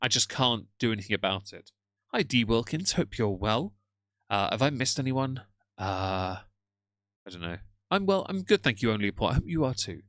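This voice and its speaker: Sardonic man, bright dry voice. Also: lowish voice, lively intonation, moderate pace, no echo. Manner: sardonic, mocking, chatty asides to viewers. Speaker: livestream host. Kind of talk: casual live-stream commentary. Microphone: headphones on, moderating chat from a phone.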